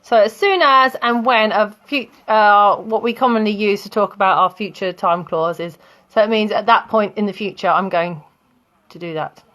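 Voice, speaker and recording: A woman's voice: mid-range voice, moderate pace, a bit bright. A woman teaching English grammar in a live online lesson, chatting with students and laughing often.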